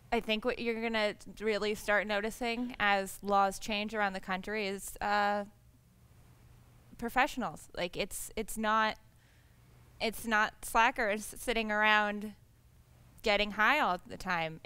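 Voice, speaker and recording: A woman speaking as a panelist in a public forum discussion, brisk and conversational with frequent restarts. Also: medium pitch, a bit bright, clean tone.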